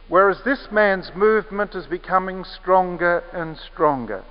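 A man preaching a sermon with measured, emphatic phrasing, leaning on repeated key words. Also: sits high, animated. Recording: echoey hall, muffled lo-fi sound.

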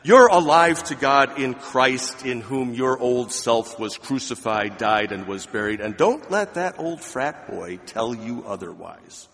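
A man preaching a sermon, emphatic, swinging between loud declarations and quiet asides. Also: medium pitch, expressive, measured pace, hardly any pauses, long reverb tail. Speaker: pastor.

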